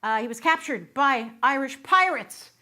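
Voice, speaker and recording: Middle-aged woman minister, high-pitched and bubbly, chatting and joking through a sermon. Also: expressive, normal speed, sharp tone. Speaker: guest minister. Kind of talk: sermon with singing and audience banter. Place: church sanctuary.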